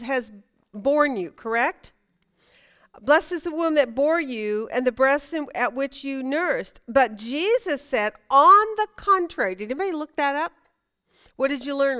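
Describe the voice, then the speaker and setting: A woman's voice: high-pitched, animated, a little slow. A woman teaching a Bible study class, chatty and emphatic, asking her students questions.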